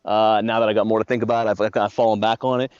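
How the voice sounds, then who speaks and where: A man's voice: lowish voice, little pitch movement, racing, darkish tone, smooth, no room sound. A man, the game master of a tabletop stream, chatting casually and rambling with many repeated words. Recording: dull dry lo-fi stream mic.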